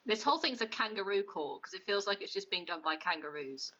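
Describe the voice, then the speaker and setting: A woman co-hosting a comedic podcast as the prosecutor, critiquing a film in an opinionated, sharp-tongued way. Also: mid-range voice, animated, a little fast, lo-fi sound.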